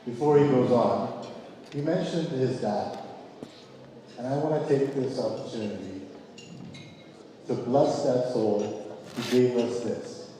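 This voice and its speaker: A man's voice: medium pitch, slow pace, long pauses, dark tone, a little hiss or hum. Upbeat man emceeing in a hall. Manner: upbeat, rallying the audience. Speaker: gala co-emcee. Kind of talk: event hosting. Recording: echoey banquet hall, distant mic.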